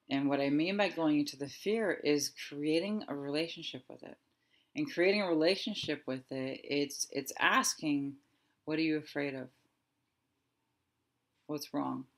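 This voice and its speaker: A woman in her thirties giving a guided reflective talk as a wellness coach, speaking softly and slowly with thoughtful pauses. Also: very deep voice. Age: 30s. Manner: soft, slow and reflective, with pauses.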